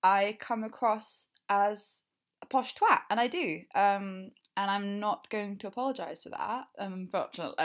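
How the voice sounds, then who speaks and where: A young woman with a clear, slightly posh southern English accent, chatting casually through fan questions. She enunciates with care, laughs easily and swears freely. She trails off into fillers while she thinks. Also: medium pitch, moderate pace. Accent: southern English, standard-leaning. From England. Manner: enunciates clearly when recording. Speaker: creator answering fan questions. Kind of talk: casual Q&A recording.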